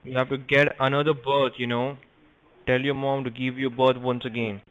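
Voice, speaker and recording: A man's voice: medium pitch, level tone, moderate pace, fairly bright tone, no echo. A man on a phone call, angry and abusive in broken English. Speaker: scammer on a call. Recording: muffled phone-line audio.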